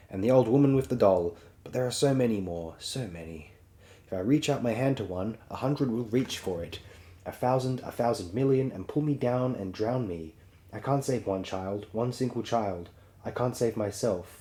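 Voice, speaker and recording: A man giving a measured, solemn dramatic reading of a story, as an audiobook. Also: fairly low pitch, mellow. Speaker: audiobook reader. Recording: roomy echo.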